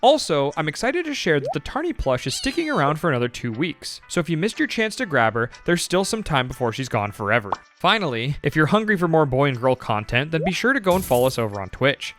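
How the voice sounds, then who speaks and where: Male host narrator for a game video, animated delivery, light music bed. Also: a little high. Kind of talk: scripted narration.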